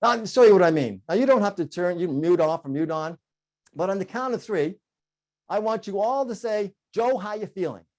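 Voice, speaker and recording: A man's voice: high voice, normal speed. A middle-aged man giving a humorous keynote speech to an online audience, telling stories with bursts of singing and laughter. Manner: animated storyteller, bursts into sung "oh yeah" and laughs. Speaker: keynote speaker.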